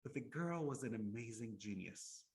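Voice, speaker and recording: A man recounts an old tale in an Islamic lecture, mid-pitched and conversational. He often repeats words as he restarts, and throws rhetorical questions at his listeners. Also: animated, moderate pace, darkish tone. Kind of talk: storytelling lecture.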